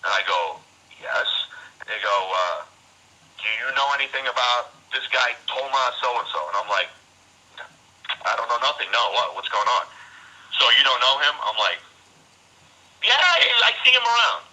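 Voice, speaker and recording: A man from Serbia, a former mob associate, telling his story in a blunt, profane, animated way over a call. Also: medium pitch, moderate pace, long pauses, rough recording. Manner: blunt, profane, animated retelling with quoted dialogue.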